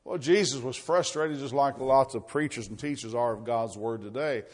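A man preaching a sermon, reading scripture loudly and dropping low for asides and rhetorical questions. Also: moderate pace, hardly any pauses.

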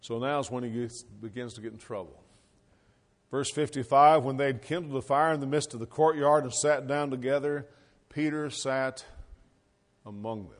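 A man's voice: medium pitch, moderate pace. A middle-aged man preaching a sermon, reading scripture and explaining it in a folksy, conversational way with rhetorical questions. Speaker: pastor.

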